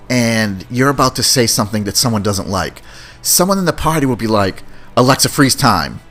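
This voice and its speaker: Brief: male podcast host, casual movie review chat, rambling, mid pitch. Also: a bit bright. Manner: rambling, repeats words.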